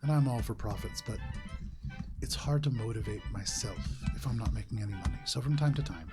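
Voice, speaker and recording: A man playing a bland, businesslike male arms dealer in a suit and sunglasses, speaking in a flat, measured way. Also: on the low side, over loud music, pitched below the performer's own voice, lightly acted.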